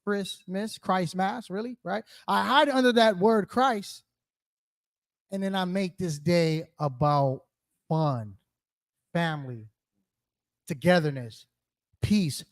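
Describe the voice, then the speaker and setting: A man's voice: high voice, takes it slowly, long pauses. A man leading a group scripture study in a sermon style, asking questions and calling on listeners, using slang and rhetorical "right?". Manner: calls on listeners, asks questions, repeats answers. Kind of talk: interactive sermon teaching.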